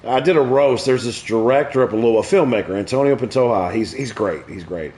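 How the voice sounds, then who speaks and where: A man, a comedian hosting a stream, tells crude jokes and stories in relaxed, profane chat. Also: medium pitch, fast talker. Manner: crude, profane joke-telling. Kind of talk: casual storytelling chat.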